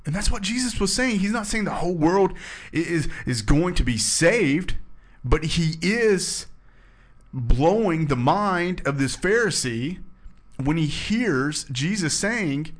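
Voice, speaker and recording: A man's voice: fairly high pitch, lively intonation, slow. A man leading a casual scripture discussion, reading verses aloud and explaining them in an earnest, emphatic way. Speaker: Bible study discussion leader.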